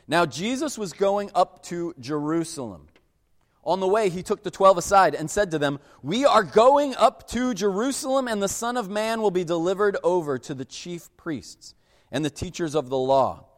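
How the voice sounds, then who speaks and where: A man preaching a sermon as a pastor, talking in a conversational way and acting out quoted voices. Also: on the high side. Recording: long hall reverb.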